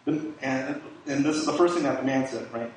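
A man's voice: medium pitch, fairly quick. A middle-aged man giving an informal sermon in a conversational way, with many fillers and rhetorical questions. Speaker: preacher. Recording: echoey room, distant mic, faint hiss.

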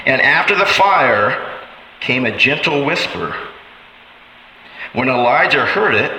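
Man, pastor preaching, impassioned, very bright tense tone, roomy hall echo. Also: a little hiss or hum. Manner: impassioned, voicing God's questions with rising pitch. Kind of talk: sermon. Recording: echoey hall with faint ambience.

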